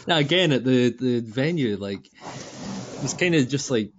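A Scottish man co-hosting a football podcast, talking in sweary, laughing, animated banter. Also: mid-range voice, slow, long pauses, dull audio, a little hiss or hum. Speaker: podcast co-host. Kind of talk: casual football chat.

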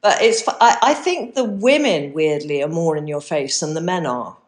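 A woman's voice: low voice, lively intonation, normal speed. A middle-aged woman from the UK hosting a podcast, bubbly and exclamatory, with some swearing. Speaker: podcast host. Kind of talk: casual interview chat.

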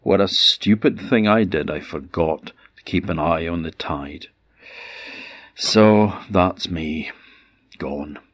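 Old fisherman guy, deep voice, dry sound, crying out then giving up, a storyteller putting him on. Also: slow, dry recording. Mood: resigned. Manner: desperate shouts for help, then resigned muttering. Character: poor old stranded male fisherman.

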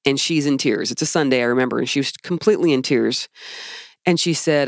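A woman's voice: a bass voice, brisk, dry recording, clean studio sound. Emphatic woman podcast co-host. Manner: emphatic, heated storytelling. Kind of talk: casual chat.

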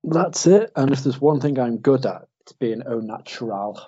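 Male co-host, dark husky voice, rambling jokey banter. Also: mid-range voice, normal speed, dull audio. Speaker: podcast co-host. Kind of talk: casual podcast banter.

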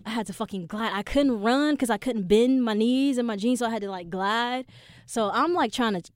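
Young woman podcaster, swears a lot, animated story, dry close sound. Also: fairly high pitch, normal speed, dry recording. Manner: profane, animated retelling. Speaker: podcast host. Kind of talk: casual storytelling.

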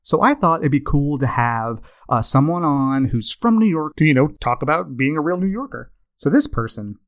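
A man's voice: fairly high pitch, expressive, normal speed, no echo, clean studio sound. A man hosting a comedy podcast, delivering a rambling, self-deprecating monologue. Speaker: podcast host.

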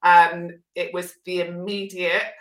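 A woman's voice: lowish voice, level tone, slow. A woman speaking as an interview guest, candid and earnest. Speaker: guest, sobriety coach. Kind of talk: interview conversation. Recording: roomy echoey room sound.

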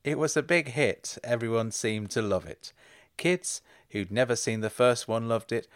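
Dry, deadpan man telling a story. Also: mid-range voice, normal speed, no room sound. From England. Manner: dry, deadpan delivery with mock indignation. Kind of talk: comic storytelling monologue.

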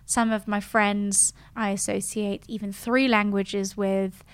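A woman's voice: medium pitch, little pitch movement, takes it slowly, clear, resonant tone, dry recording. A woman, chatting casually and animatedly in a playful conversation. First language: French. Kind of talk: casual chat.

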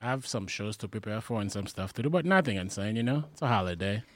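A man from Haiti chatting as a comedian guest on a podcast. His voice is lively and moves up and down, with a relaxed, easygoing manner. The sound is dry and close. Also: lowish voice, quick pace, no room sound. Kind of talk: casual chat.

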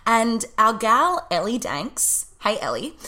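A woman's voice: on the high side, sing-song, slow pace, bright, forceful tone. A woman co-hosting a podcast in casual chat, playful and giggly. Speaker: podcast co-host.

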